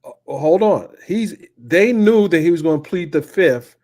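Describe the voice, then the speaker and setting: A man's voice: fairly high pitch, expressive, normal speed, darkish tone. Man chiming in with blunt reactions. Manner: short reactive interjections, blunt. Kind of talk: casual commentary.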